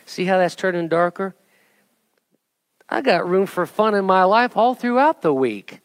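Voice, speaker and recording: A middle-aged man preaches to his church, walking the congregation through a hands-on object lesson. His voice sits high for a man, and he talks with a playful, joking energy that climbs into emphatic urging. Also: measured pace, long pauses, no room sound. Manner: animated, jokey, rising to emphatic exhortation. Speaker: pastor.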